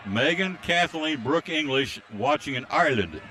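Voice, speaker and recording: Man, play-by-play announcer, bright forceful voice, slightly high, faint crowd hum behind. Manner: rapid excited calls during fast plays, reads out listener greetings. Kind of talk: live basketball play-by-play commentary. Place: high school gym, courtside broadcast. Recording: faint crowd noise at a game.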